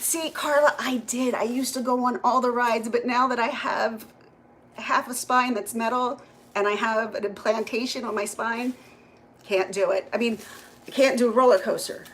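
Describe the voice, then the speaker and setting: A woman's voice: a little high, fairly even intonation, moderate pace, fairly bright tone, a little hiss or hum, low-quality recording. A middle-aged woman, chatting casually on a live stream from her phone at home, greeting viewers by name and laughing often. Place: home kitchen.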